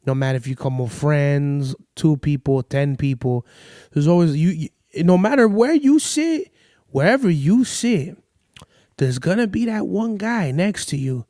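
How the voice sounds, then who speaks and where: A man hosting a podcast, ranting in crude, sarcastic storytelling while sick and low on energy. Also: unhurried, warm tone, dry recording, clean studio sound. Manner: heated, crude, sarcastic, mimics people in quotes. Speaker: podcast host. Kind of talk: profane storytelling rant.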